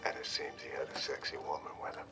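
Hollis Mason, an old retired hero. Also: male voice, a bass voice, completely flat delivery, fast talker, whispered. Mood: fond. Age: older. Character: old retired male ex-hero, gentle and nostalgic. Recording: film clip with music behind.

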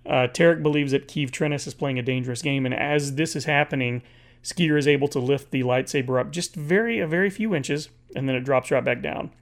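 A man casually recapping a comic book issue, reading its dialogue aloud in a halting way with many fillers and restarts. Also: mid-range voice.

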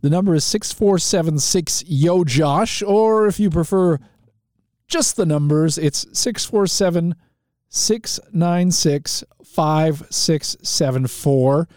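A Canadian man hosts a live call-in show, rambling easily through his opening with fillers and restarts. His voice sits a little high and he talks unhurriedly. The studio sound is dry and close. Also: slow, darkish tone, dry recording. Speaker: talk show host. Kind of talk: casual call-in show monologue.

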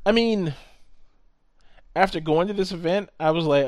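A man telling a story in casual chat, animated, swearing often and acting out what people said. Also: sits high, slow, long pauses, no echo.

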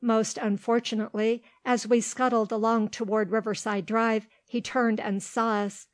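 A woman narrating a storybook in a steady, measured reading voice. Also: fairly high pitch, no room sound. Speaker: audiobook reader.

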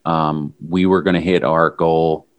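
A man with a very deep voice recounts a long run in relaxed conversation. He tells it as an animated story and sometimes jumps up into loud mimicry. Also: a little slow. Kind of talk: casual chat recounting a run.

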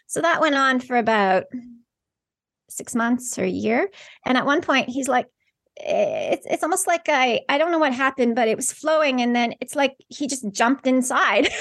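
Woman, high voice, excited storytelling, fillers and restarts, dry close mic. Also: no echo. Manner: excited, fast-flowing, many fillers and restarts. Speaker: guest, spiritual channeler. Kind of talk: casual storytelling in an interview.

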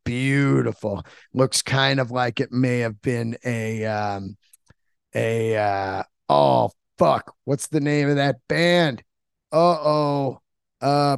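A man's voice: on the high side, smooth, no room sound, studio quality. A man hosting a podcast, rambling casually and enthusiastically with frequent swearing and filler words. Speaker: podcast host. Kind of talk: casual monologue.

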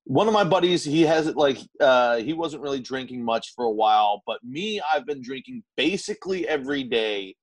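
A man's voice: medium pitch, lively intonation, normal speed, hardly any pauses, no echo. A man co-hosting a podcast, telling rambling weekend stories full of fillers and swearing. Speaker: podcast co-host. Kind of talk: casual podcast chat.

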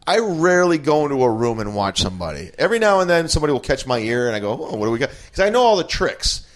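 A man's voice: mid-range voice, big pitch swings, fast. A man, a comedian hosting a podcast, telling stories emphatically in casual chat. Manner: storytelling, emphatic, stammering restarts. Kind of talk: casual green room chat.

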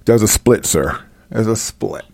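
A man's voice: lowish voice, measured pace, vocal fry, a little mellow, no room sound, voice pushed down. A man voicing a hesitant male aide who stammers out reports to his boss.

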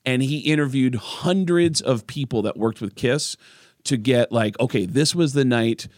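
A man's voice: mid-range voice, a little slow, dry recording, clean studio sound. A man, a stand-up comedian, telling an anecdote on a podcast and acting out the voices of the people in it. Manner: animated storyteller, acts out voices.

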